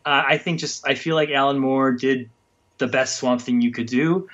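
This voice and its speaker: A man as a guest comics writer in a casual interview, rambling and halting with many restarts. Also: medium pitch, fairly even intonation, fairly bright tone. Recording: dull lo-fi sound.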